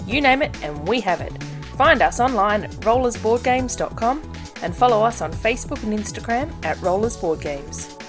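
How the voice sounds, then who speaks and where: Upbeat female ad voice, lively and sing-song, slightly high. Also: normal speed, music in the background. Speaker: radio ad voice. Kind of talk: upbeat advertisement read.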